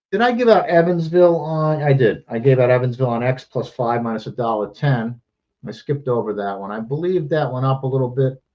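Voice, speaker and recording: A man's voice: mid-range voice, darkish tone, dull audio. A man hosting a sports betting show, rattling off picks and lines in casual, profane, jokey chat, a bit out of breath. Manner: rapid-fire, profane, jokey.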